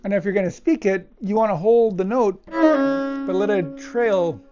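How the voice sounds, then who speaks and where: Hesitant man teaching cello over loud music. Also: high-pitched, lively intonation, unhurried. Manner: thoughtful, hesitant, with fillers and restarts. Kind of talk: casual music lesson talk. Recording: dull lo-fi audio with loud cello playing.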